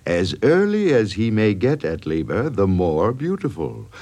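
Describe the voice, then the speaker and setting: A man playing a smug, slow industrialist. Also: on the low side, huge pitch swings, mellow, heavily acted. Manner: slow, self-satisfied pronouncements. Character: pompous old-time male industrialist.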